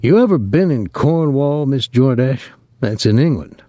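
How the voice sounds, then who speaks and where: A man's voice: medium pitch, expressive, unhurried, mellow, dry recording, pitched above the performer's own voice, lightly acted. A man doing a careful, stiff young secretary.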